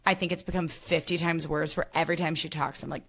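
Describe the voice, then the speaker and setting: A woman hosting a podcast, chatting casually about a reality show, full of "like" fillers and quick impressions of people. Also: low-pitched, noisy background. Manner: animated, lots of "like" fillers, mimics people. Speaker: podcast host. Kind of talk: casual chat.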